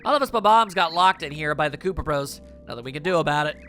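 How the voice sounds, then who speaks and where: A man voicing a spunky, quick-tempered young female bomb creature from a video game, pitching his voice up high. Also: animated, bright, forceful tone, soft background music. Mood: chatty.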